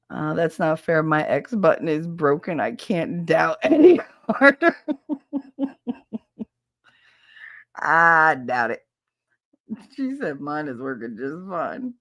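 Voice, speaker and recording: A woman's voice: low-pitched, lively intonation, slow, pauses often, fairly bright tone, dry recording, studio quality. Brash, swearing woman chatting on a stream. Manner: brash, swearing, laughing, mimics accents. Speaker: podcast host reading chat. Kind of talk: casual livestream chat.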